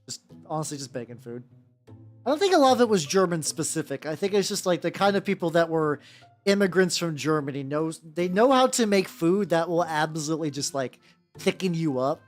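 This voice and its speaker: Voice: medium pitch, expressive, fairly quick, soft background music. A VTuber streamer chatting casually while painting miniatures, rambling and joking, with lots of "like"s and restarts. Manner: rambling, many "like"s and restarts, jokey.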